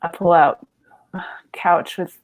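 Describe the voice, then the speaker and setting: A woman's voice: lowish voice, fairly even intonation, takes it slowly. A woman in her thirties telling a comedy story, rambling and self-deprecating with lots of fillers and laughs.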